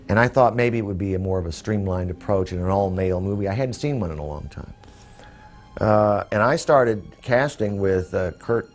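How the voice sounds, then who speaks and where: A man recalls his past work in an interview, speaking in a measured and reflective way. His voice is very low. Faint music sits behind him. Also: a little mellow. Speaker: film director. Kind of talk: interview recollection.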